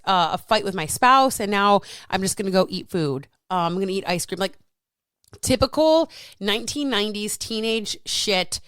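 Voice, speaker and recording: A woman in her thirties or forties, a fitness coach talking casually and frankly, animated and swearing freely. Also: medium pitch, no echo. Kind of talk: casual solo talk.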